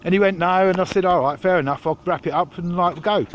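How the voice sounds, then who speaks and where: A man's voice: sits high, quick pace, muffled recording, a little hiss or hum. A man with an Essex accent, filming himself outdoors and talking to camera in an indignant, sarcastic way. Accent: Essex English. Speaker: urban explorer filming police encounter. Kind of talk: confrontational vlog commentary. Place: outdoors by a roadside near an industrial site.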